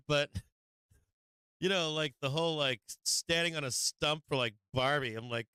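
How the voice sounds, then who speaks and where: A man's voice: fairly high pitch, measured pace, pauses often, pushed and bright, smooth, no echo. A man hosting a live stream, ranting casually with lots of swearing and frequent laughs. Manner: profane, laughing often, rambling.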